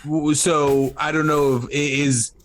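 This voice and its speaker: A man's voice: a little high, level tone, unhurried. A man hosting a casual podcast chat, blunt and rambling, swearing freely. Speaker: podcast host.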